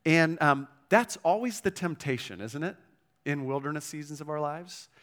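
A man's voice: a little high, normal speed, a bit bright. Man preaching in a conversational way. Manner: conversational preaching with frequent "right?" and "okay?" check-ins; reads scripture aloud with rising emphasis. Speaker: pastor. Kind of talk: sermon.

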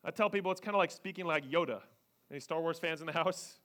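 A man preaching a sermon as pastor, animated, swinging between loud emphasis and hushed near-whispers. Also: a little high, fast talker. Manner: acts out voices of people he quotes, joking.

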